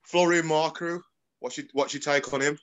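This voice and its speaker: A man's voice: on the high side, steady tone, moderate pace, muffled recording. A man asking casual interview questions, hesitant and full of "um"s. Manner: hesitant, with many fillers.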